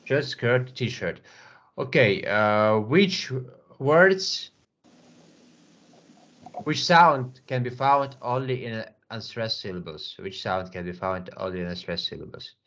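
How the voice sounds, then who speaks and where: A man teaching English one to one, patient, repeating words slowly with many fillers. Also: on the low side, animated, fairly bright tone, highs cut off. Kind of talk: online English lesson.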